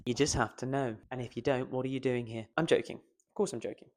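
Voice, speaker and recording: A man's voice: medium pitch, fairly even intonation, fast. A man, a voice coach giving a playful, self-mocking pronunciation lesson to camera and stretching out the stressed syllables.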